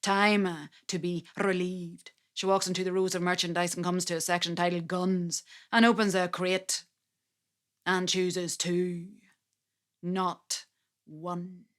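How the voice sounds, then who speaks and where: Slow, low-voiced woman storyteller. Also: little pitch movement. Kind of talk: dramatic spoken-word narration.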